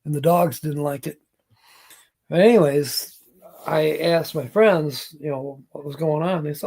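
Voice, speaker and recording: Slow-talking man chatting on a live stream. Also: a little high, vocal fry, a little mellow. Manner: slow, rambling, chuckles between lines. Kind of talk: casual live-stream chat with viewers.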